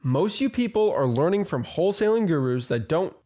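A man with a somewhat high voice teaches real estate wholesaling straight to camera. His delivery is blunt and emphatic, and he hammers the same points home in casual, slangy speech. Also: sing-song, fairly quick, mellow. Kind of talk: direct-to-camera teaching monologue.

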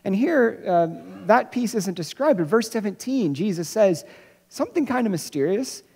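A pastor preaches an Easter sermon in a church sanctuary, and the voice hangs in a long, ringing hall reverb. The delivery is searching and unpolished, with phrases restarted and words doubled before key lines are slowed for weight. The pitch sits in an ordinary middle range. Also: lively intonation, a little mellow, breathy edge. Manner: searching, repeats words and restarts, slows for emphasis.

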